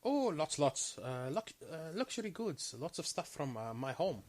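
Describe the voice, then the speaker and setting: A man voicing a fawning, haggling alien trader who speaks in halting, broken English. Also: a little high, very animated. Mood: eager salesman.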